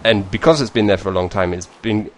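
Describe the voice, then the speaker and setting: Northern english guy rambling at his screen, lowish voice, keeps restarting sentences, faint hiss. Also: quick pace. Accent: northern English, northeast England. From northeast England. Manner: rambling, self-correcting, chuckling asides. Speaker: vlogger. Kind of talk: casual chat over a screen share.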